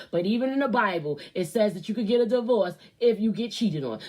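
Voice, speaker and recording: Blunt, high-voiced woman host ranting. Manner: blunt, loud, swearing, animated. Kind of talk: profane opinion rant.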